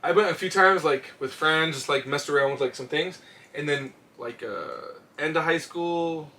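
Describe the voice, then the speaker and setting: A man in his twenties, co-hosting a comedy podcast, telling stories in an animated, profane way. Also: fairly high pitch, normal speed, a little hiss or hum. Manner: animated, profane storytelling with acted-out quotes. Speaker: podcast co-host. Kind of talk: casual chat. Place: home studio shed.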